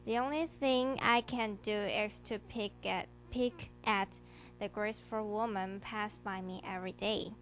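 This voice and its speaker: A woman's voice: mid-range voice, steady tone, measured pace, faint music behind, natural voice. A student reading a character sketch aloud in the first person, playing a poor, anxious young flower-selling girl. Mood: earnest. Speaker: student presenter.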